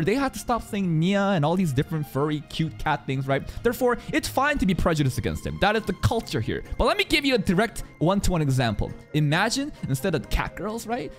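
Animated, sarcastic man reacting to anime. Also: a little high. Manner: animated, sarcastic, swears freely, talks to viewers. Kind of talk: casual reaction commentary.

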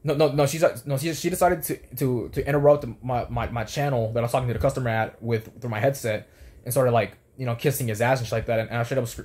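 A young man tells a story at a rapid clip, swearing freely and circling back on his own words in restarts. His pitch sits in an everyday middle range, and he sounds worked up and irritated throughout. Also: a little mellow. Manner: rambling, heated, lots of restarts and swearing. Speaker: former fast food worker. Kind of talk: profane storytelling rant.

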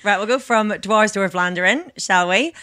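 A woman's voice: mid-range voice, sharp tone. A woman co-hosting a cycling podcast, delivering a news roundup with easy, teasing banter. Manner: laughs easily, quick teasing banter. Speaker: podcast co-host. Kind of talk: casual chat and news roundup.

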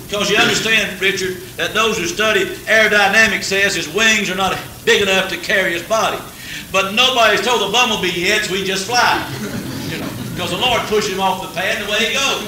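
A man's voice: high-pitched, fairly quick. A man preaching a folksy revival sermon. He talks with humor, chuckles often, and builds to fervent peaks. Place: church service. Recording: old echoey church tape from a distance, faint hiss.

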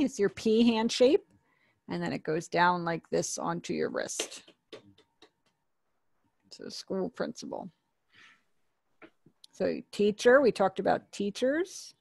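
Woman teaching slowly, patient, repeats stuff, super dry close sound. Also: mid-range voice, lively intonation, gravelly, a little mellow, husky, dry recording. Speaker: sign language teacher. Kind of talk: online class instruction.

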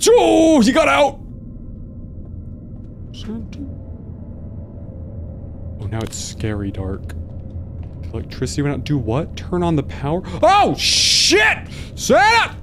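A man playing a horror video game and commenting as he goes, yelping and laughing at the scares and muttering quietly in between. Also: wildly swooping pitch, slow, creaky, long pauses, a little hiss or hum. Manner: jumpy, yelps and laughs at scares, then mutters low. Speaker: gaming video host. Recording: faint game music behind.

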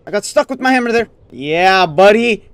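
A gaming YouTuber giving let's play commentary, raging and swinging between sudden yelps and low muttering. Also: lively intonation, moderate pace, smooth, no echo.

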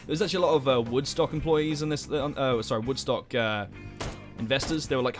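A young man hosting a let's play, commenting in an animated, jokey way and swearing a lot. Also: medium pitch, quick pace. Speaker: gaming channel host. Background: game music.

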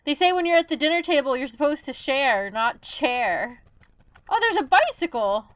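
A young woman hosting a gaming channel, giving excitable let's-play commentary full of squeals. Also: high voice, normal speed, dry recording. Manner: excitable, squealing, laughing reactions.

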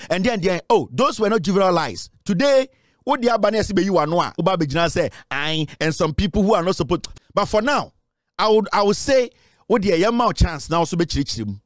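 A man's voice: high voice, expressive, a little fast, no room sound, studio quality. A middle-aged man with a Ghanaian English accent, delivering a mocking, taunting commentary rant that slips into Twi. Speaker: online commentator. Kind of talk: ranting commentary.

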